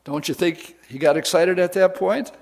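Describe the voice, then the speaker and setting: A man's voice: high-pitched, normal speed, vocal fry. A man preaching a sermon, retelling a scripture story in casual, folksy words to a women's audience.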